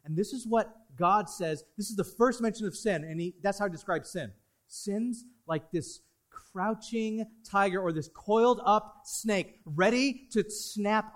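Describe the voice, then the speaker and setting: Pastor, male, high-pitched voice, delivering a sermon with sudden drops to near-whisper and surges of force. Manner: dynamic preaching, swinging between loud emphasis and hushed asides.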